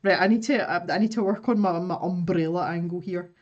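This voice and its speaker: A woman's voice: on the low side, fairly quick, darkish tone, dull audio. A woman with a Scottish accent hosting an art live stream, chatting casually while she draws, laughing often and greeting viewers.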